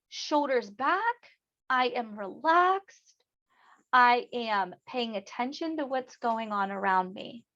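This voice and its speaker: A woman's voice: high voice, a bit bright, dull audio. A woman teacher giving a lesson on emotions, acting out feelings expressively for her students.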